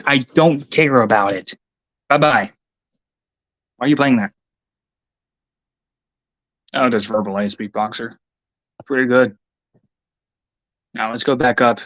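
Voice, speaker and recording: A man's voice: mid-range voice, slow, long pauses, fairly bright tone, no room sound. Male streamer, rambling and profane, irritable mutter, dull lo-fi sound, dry with no room. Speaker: livestreamer. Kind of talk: rambling casual stream talk.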